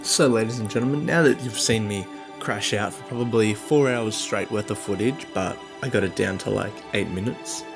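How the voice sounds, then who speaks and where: A man narrating a gaming video in a recorded voice-over, relaxed and rambling as he explains what he built. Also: on the low side, normal speed, few pauses. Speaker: gaming YouTuber. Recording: voice-over with clear background music.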